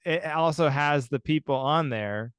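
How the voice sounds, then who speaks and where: A man's voice: on the high side, measured pace, fairly bright tone, clean tone, dry recording, clean studio sound. A man co-hosting a podcast, chatting casually in a wry, rambling, self-deprecating way. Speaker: podcast co-host. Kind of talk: casual chat.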